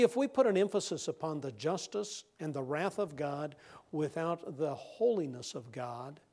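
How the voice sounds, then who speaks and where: A man preaching a sermon, who moves from a hushed scripture reading to loud, emphatic preaching and repeats words when worked up. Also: high-pitched.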